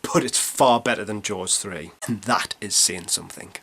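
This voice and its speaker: A man's voice: lowish voice, moderate pace, bright, forceful tone, husky. A man in his thirties reading a scripted film review, with sarcastic, punchy jokey asides. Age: 30s.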